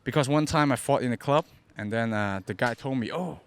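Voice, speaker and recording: Young man, Cantonese-accented English, podcast guest; halting and repetitive, acts out the people in his stories. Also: mid-range voice, clear, resonant tone. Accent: Hong Kong Cantonese. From Hong Kong. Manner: broken English, repeats words, acts out quotes loudly. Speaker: interview guest. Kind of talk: casual storytelling.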